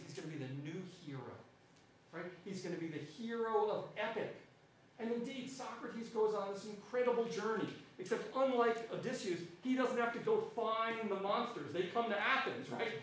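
High-pitched lecturer in an echoey hall. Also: male voice, distant mic, a little hiss or hum. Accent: New Zealand. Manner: animated, frequent "right?" tag questions. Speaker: history lecturer. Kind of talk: public lecture.

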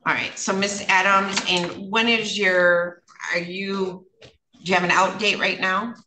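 A woman's voice: mid-range voice, flat delivery, unhurried. A woman judge running a court hearing, speaking plainly and casually with frequent fillers. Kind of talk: courtroom proceedings. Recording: roomy courtroom sound, faint noise.

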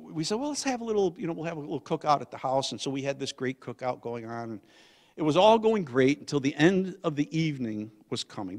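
Older pastor in a reverberant hall. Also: male voice, fairly high pitch. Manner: emotional, swings from loud to hushed. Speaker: guest pastor. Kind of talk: storytelling sermon. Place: church sanctuary. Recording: long church hall reverb.

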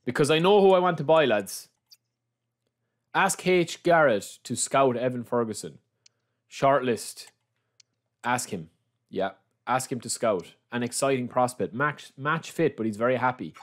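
A young man giving chatty, excitable gameplay commentary, calling his viewers lads. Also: mid-range voice, unhurried. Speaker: gaming YouTuber.

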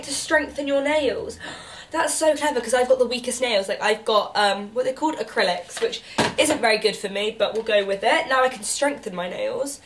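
A young woman with a stuffy cold, chatting brightly as she unboxes beauty gifts, cooing and gasping at each item. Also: sits high, slight background noise. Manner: bubbly, chatty, gasps and coos at each item. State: congested with a cold. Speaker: beauty vlogger. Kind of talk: casual unboxing chat.

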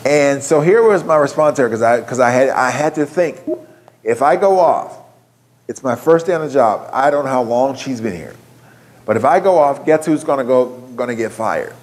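A man's voice: mid-range voice, expressive, moderate pace. A man giving a keynote talk, telling a story in a conversational way and putting questions to a live audience. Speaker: keynote speaker.

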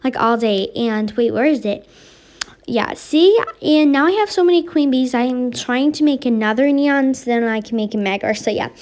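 A young woman chatting excitedly over a gaming voiceover, full of fillers and quick swings of feeling. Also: high voice, a little hiss or hum. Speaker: gaming vlogger. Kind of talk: casual voiceover vlog. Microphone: voiceover mic.

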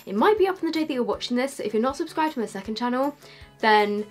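A woman's voice: on the high side, expressive, fast talker, faint music behind. A young woman with a slight lisp, chatting casually to camera as a beauty vlogger, with lots of fillers.

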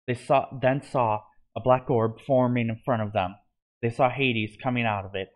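A man narrating a homemade fan story aloud, with a middle-pitched voice. He reads steadily, now and then stumbling and restarting a word. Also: normal speed. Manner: steady reading with small slips and restarts.

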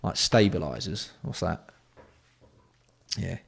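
A man hosting a casual livestream, bantering with chat and swearing freely while keeping his voice fairly hushed. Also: sits low, takes it slowly, creaky, breathy edge. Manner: banter-filled, sweary, reads out and answers chat. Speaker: livestream host.

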